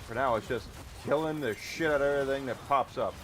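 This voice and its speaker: Male streamer, casual live-play commentary, mid-pitched voice, faint background hum. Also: fast. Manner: chatty, thanks viewers while playing. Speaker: game streamer.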